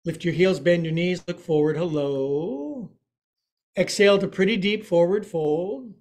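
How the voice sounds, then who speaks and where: Playful high-voiced male yoga teacher. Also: measured pace, a little mellow. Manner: playful, jokey cueing with asides. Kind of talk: live yoga class instruction.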